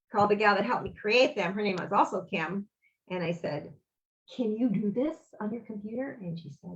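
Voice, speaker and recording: A woman's voice: medium pitch, a bit bright, dull audio. A woman, a guest on an interview, telling a personal story in an earnest, rambling way and acting out the dialogue. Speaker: interview guest, author and bereaved mother.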